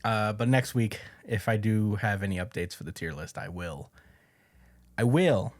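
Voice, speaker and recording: A man's voice: fairly low pitch, moderate pace. A man hosting a podcast, casually recapping a manga chapter in a loose, profane way and chuckling as he goes. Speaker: podcast host.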